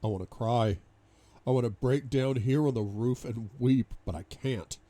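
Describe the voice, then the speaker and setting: A man reading a novel aloud in first person, dramatic, moving between hushed despair and loud outbursts. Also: mid-range voice, moderate pace. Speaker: audiobook reader.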